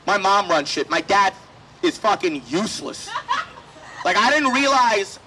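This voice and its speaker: A man's voice: high voice, very animated, a little slow, noisy background. A man doing a brash, profane stand-up set at an outdoor festival stage, slipping into voices for the people in his stories. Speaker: stand-up comedian.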